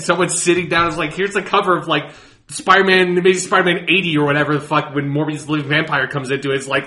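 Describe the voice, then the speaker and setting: Podcast dude rambling and cussing, kinda high bright voice. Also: male voice, flat delivery, fast. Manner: rambling, profane, laughs while talking. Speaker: podcast co-host. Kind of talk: casual podcast chat.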